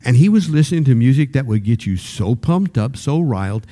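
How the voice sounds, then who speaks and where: A man's voice: medium pitch, animated, fairly quick, hardly any pauses, warm tone. An older man preaching a sermon in a conversational way, often restarting his sentences and rising to emphatic peaks. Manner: repeats words when starting sentences.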